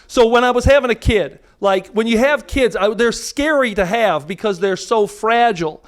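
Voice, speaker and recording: A man's voice: high voice, normal speed. A man from the United States doing a live stand-up comedy set, brash and profane, often cutting himself off mid-thought. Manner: brash, profane, self-interrupting delivery. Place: live comedy venue with audience. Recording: audience laughter cutting over the mic.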